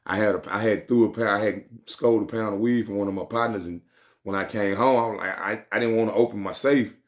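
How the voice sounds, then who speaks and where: A man's voice: lowish voice, steady tone, fast talker. A man telling a street story in casual slang, rambling and repeating himself.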